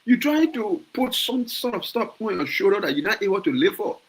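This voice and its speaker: This is a Liberian man with a Liberian accent speaking his mind on a casual podcast. His voice sits a little higher than most men's. He gets worked up, circles back over his own words and throws out rhetorical questions. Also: very animated, a little fast, rough recording. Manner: passionate, repeats words and restarts, asks rhetorical questions. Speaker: podcast host. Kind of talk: casual opinion talk.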